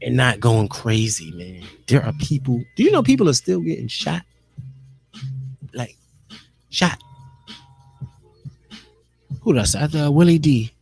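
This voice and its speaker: Gravelly man rambling casually on a stream. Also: medium pitch, sing-song, measured pace, pauses often, darkish tone, soft background music. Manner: loose, profane, talks to himself and viewers. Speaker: live streamer.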